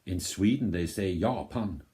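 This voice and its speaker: Danish man hosting a reaction video; very low, mellow voice; unhurried, meandering delivery. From Denmark. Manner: rambling, thinks aloud with many restarts. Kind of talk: casual reaction commentary.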